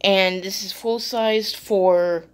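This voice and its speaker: A woman's voice: mid-range voice, fairly even intonation, slow pace, slight background noise. A woman chatting casually as she unboxes beauty products, rambling with fillers and restarts, still a little sleepy. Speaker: beauty vlogger.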